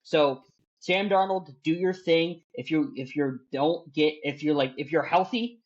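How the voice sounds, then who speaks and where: Man, sports podcast co-host, passionate profane ranting, slightly high voice, dull lo-fi sound. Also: a little slow, breathy edge. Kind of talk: casual sports podcast chat.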